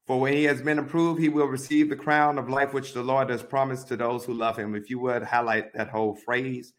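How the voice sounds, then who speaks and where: Man leading a slow Bible study. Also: medium pitch, flat delivery. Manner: slow, deliberate, repeating instructions. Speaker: pastor.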